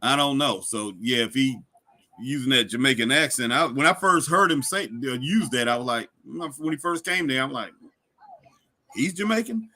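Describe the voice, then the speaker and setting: A man's voice: mid-range voice, moderate pace, sharp tone. A man co-hosting a wrestling livestream, calling the action and reading viewer comments with lots of laughing and fillers. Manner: chuckling, reads chat aloud, filler "uh" and "you know". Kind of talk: casual live watch-along chat.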